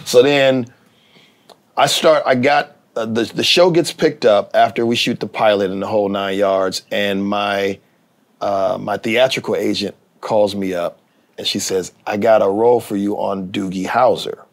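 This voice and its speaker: A man's voice: fairly low pitch, unhurried. A middle-aged man, a TV writer and actor, telling a story in a casual interview, acting out the people he quotes. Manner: animated, acts out quoted voices.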